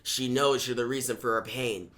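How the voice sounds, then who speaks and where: A man voicing a grim, cold Batman, who speaks low and quiet, taunting. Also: fairly even intonation, normal speed, close to an everyday voice.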